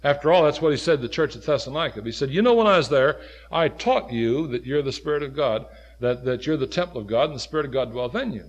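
Preacher swinging between loud and low. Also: male voice, expressive, fast talker, dull audio. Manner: rising to emphatic, loud peaks, then dropping low and quiet; quotes scripture in old King James wording. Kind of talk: sermon.

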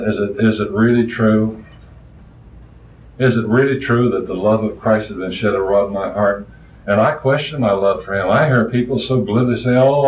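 A man preaching a sermon with passion, his voice swinging between loud rises and soft, quiet asides. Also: lowish voice. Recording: distant, roomy, muffled old recording.

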